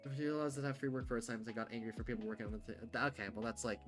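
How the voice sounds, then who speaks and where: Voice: mid-range voice, fairly even intonation, racing, faint music behind. A livestreamer chatting casually and bluntly, rambling with many fillers and restarts. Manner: rambling, full of "like" and "um", frequent restarts; candid, blunt, swears casually.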